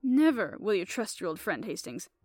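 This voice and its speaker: A woman reading aloud, voicing a fussy, polite middle-aged male detective who speaks with courteous, soft reproof. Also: mid-range voice, sing-song, normal speed, no echo, soft background music, pitched below the performer's own voice. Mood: genteel.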